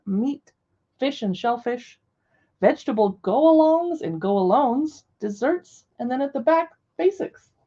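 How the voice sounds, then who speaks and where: Reviewing cookbooks on a casual home live stream, a young woman with a mellow, slightly high voice chats with viewers and reads recipe titles out loud. The sound is lo-fi.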